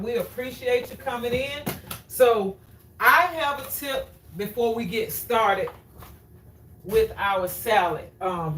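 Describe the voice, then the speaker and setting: A woman hosts a cooking demonstration at an unhurried pace, chatty and fond of repeating herself to her viewers. Her voice sits at a middle pitch and is picked up from a few steps away. The kitchen around her sounds echoey, with faint room noise underneath. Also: fairly bright tone. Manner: chatty, repeats phrases, addresses viewers as guys. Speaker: cooking show host. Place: home kitchen. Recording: roomy, distant from the mic.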